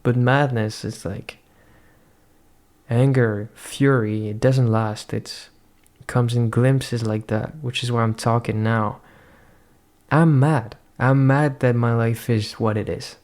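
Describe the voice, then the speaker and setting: Young male vlogger, non-native English, flat monotone delivery, swearing, soul-searching rant. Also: mid-range voice, slow. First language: not English. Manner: profane, ranting, introspective. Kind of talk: rambling personal monologue.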